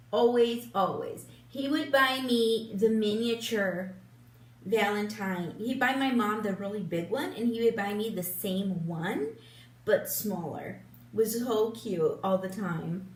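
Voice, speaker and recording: A beauty vlogger in her fifties chats slowly and unhurriedly while getting ready in front of a big lit mirror at home, rambling with plenty of ums and restarts. Her mid-range voice sounds distant, since the camera sits a little way off and is turned sideways, and the room has a roomy echo.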